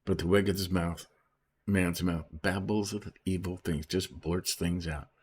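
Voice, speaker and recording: A man's voice: deep voice, fairly even intonation, a little slow, breathy edge. A man reading Bible verses aloud and explaining them in a casual teaching manner, often checking in with "right?" and "okay?". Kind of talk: informal Bible study commentary.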